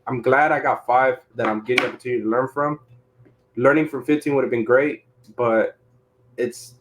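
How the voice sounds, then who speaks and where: A man, a guest breeder, talking earnestly in a casual podcast chat, with frequent restarts. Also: medium pitch.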